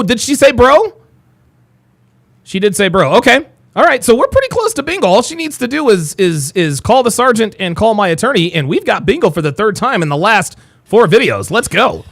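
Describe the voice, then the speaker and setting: Gravelly, highly animated man reacting. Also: normal speed. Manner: incredulous, swearing, rambling. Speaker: host reacting to a video. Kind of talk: live reaction commentary.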